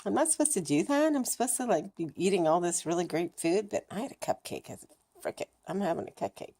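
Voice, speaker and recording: A middle-aged woman chatting casually to camera in her vlog, frank and animated, laughing often and swearing now and then. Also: fairly low pitch. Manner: animated, laughing, mimics racing thoughts with fast chatter. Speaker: vlogger sharing her cancer journey.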